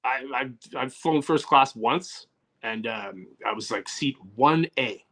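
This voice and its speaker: A man's voice: mid-range voice, animated, slow, a bit bright. A man telling rambling comic stories on a podcast, joking and acting out bits of dialogue. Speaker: comedy podcast co-host. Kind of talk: casual comedic storytelling.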